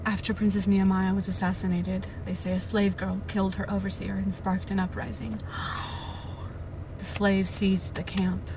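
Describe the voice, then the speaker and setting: A woman on a live stream, reading a novel aloud and breaking into loud, panicked reactions and swearing, from inside a car. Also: mid-range voice, little pitch movement, normal speed, background noise.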